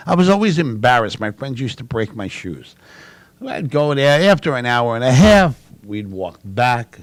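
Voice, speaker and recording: A man from New City, co-hosting a casual chat and telling lively family stories. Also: mid-range voice, moderate pace, dry recording. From New York City. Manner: animated, loud storyteller. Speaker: co-host.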